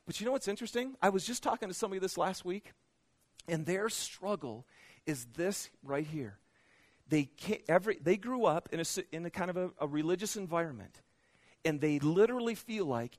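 A man preaching a sermon, asking the congregation questions and swinging between loud, pressing exhortation and hushed, intimate asides. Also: high voice, expressive, fairly quick. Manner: speaks directly to the congregation with questions. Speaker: pastor.

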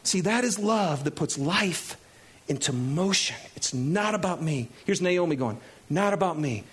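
High, husky-voiced male preacher. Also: unhurried. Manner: animated, laughing, acts out quoted characters. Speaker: pastor. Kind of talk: sermon.

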